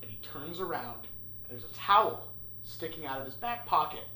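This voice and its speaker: Brief: young male podcast host, lively anecdote with swearing, slightly high voice, faint background noise. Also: fairly quick. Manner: animated, swearing, acts out voices. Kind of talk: casual storytelling. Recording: echoey room with faint noise.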